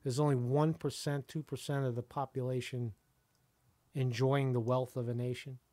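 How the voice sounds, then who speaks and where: A man's voice: medium pitch, little pitch movement, moderate pace, mellow, dry recording. Angry man ranting in a dry room. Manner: angry, rhetorical, repeats "right?". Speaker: YouTube reporter. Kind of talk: ranting to camera.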